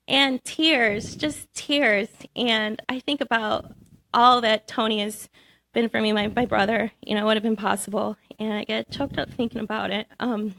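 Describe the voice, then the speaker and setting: Woman on a radio show telling her story, lively and expressive, voice sits a bit high. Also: normal speed, creaky. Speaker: award-winning student scriptwriter guest. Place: radio studio.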